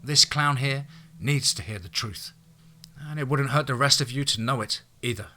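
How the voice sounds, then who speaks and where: A man's voice: medium pitch, moderate pace, sharp tone, slight background noise, voice pushed up, natural voice. A man voicing a proud, defiant young woman in an audiobook, speaking in a firm, lecturing way. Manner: firm, lecturing, slightly exasperated.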